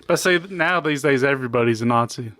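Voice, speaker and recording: A man's voice: medium pitch, fast, a bit bright. A man co-hosting a gaming podcast who chats casually and keeps agreeing with his co-host. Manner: agreeable, says "yeah" a lot. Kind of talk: casual chat.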